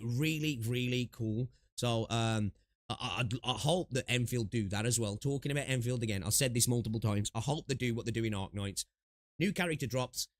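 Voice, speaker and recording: A young man talks loosely on a gaming livestream, rambling, circling back and filling gaps with ums and rights. His voice sits at an ordinary middle pitch. It comes through a close desk mic with noise suppression, dry and free of room sound. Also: no room sound. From United Kingdom. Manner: rambling, chatty, lots of fillers and asides. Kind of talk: casual livestream chat.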